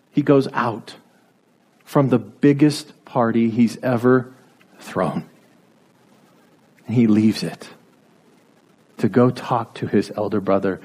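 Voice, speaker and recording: A man's voice: mid-range voice, a little mellow. A man preaching a sermon, driving his points home with repeated rhetorical questions and building to emphatic peaks.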